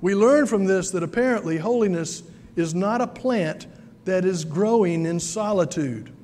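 A man's voice: high-pitched, expressive, moderate pace, a little mellow, long reverb tail. A man from South Carolina, preaching a sermon in a folksy storytelling way with many fillers. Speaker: pastor.

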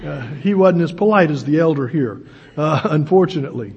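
A man's voice: on the high side, animated, brisk, a little mellow, husky. A man, preaching a sermon in a folksy storytelling way, with self-deprecating humor. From United States. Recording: dull lo-fi recording.

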